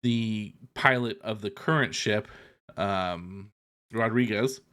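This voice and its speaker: A man's voice: on the low side, a bit bright, clean tone. Profane man casually recapping a show. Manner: loose and profane, retelling scenes with quick asides. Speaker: podcast co-host. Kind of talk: casual chat recapping a TV episode.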